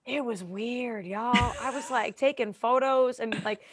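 A young woman in casual chat, telling lively stories, acting out quotes and laughing often. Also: fairly high pitch, unhurried, no room sound. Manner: animated storyteller, acts out quotes, laughs often. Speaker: guest.

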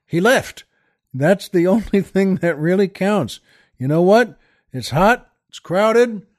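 Man, middle-aged, high voice, wry, exasperated, comic storytelling host. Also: expressive, slow pace. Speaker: podcast host.

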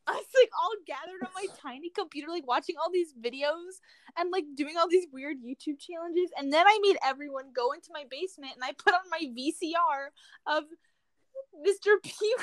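A young adult woman co-hosting a casual chat with friends, telling stories in an animated way and laughing often. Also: very high-pitched, fairly quick, dry recording. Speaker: co-host.

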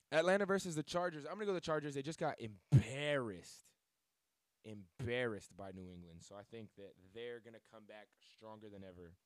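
A man's voice: mid-range voice, a little mellow, dry recording, studio quality. A man hosting a sports podcast, talking loosely and casually with lots of fillers and restarts. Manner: loose, rambling, filler-heavy delivery with self-corrections. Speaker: podcast host.

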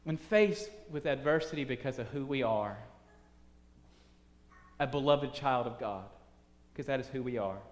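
A male preacher delivering a sermon through a story, with frequent restarts, swinging between soft and loud. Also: mid-range voice, measured pace, pauses often. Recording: echoey hall reverb.

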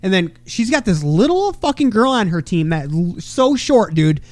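A man in his thirties hosts a crude comedy podcast in a high, bright-sounding voice. He rambles, swears freely and breaks into loud bursts when quoting people. The sound is close and dry. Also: sing-song, normal speed, no room sound. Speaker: podcast host.

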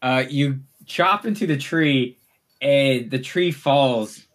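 A man runs a tabletop game at an unhurried pace. He narrates in a laid-back way, chuckling along with his players. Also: medium pitch, a bit bright. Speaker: game master.

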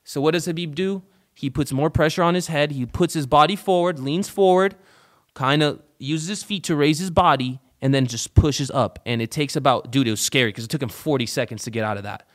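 A man hosting a casual sports talk show, animated and profane, swinging from loud outbursts to low muttered asides. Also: fairly quick. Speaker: show host.

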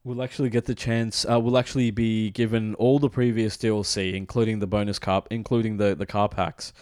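A man's voice: on the low side, level tone, a little fast, a little mellow, dry recording, clean studio sound. A man hosting a gaming podcast, running through news in an easygoing, chatty way. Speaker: podcast host. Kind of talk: casual gaming podcast chat.

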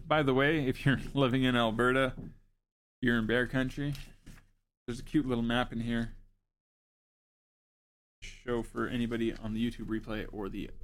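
A man's voice: mid-range voice, a bit bright. Man reading notes with wry asides. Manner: wry, joking asides between read facts. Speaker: show host.

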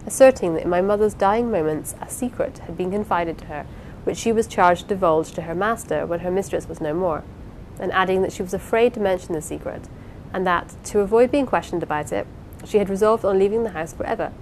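A woman reading the part of a lively, affectionate young wife in an audiobook, eager and playful. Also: mid-range voice, fairly quick, slight background noise, lightly acted, rough recording. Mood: earnest.

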